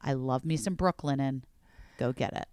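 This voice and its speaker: A woman podcast host reading ads in a casual, enthusiastic, chatty way, sometimes dropping to a quiet voice for emphasis. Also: a bass voice, moderate pace, over loud music. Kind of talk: casual chat ad read.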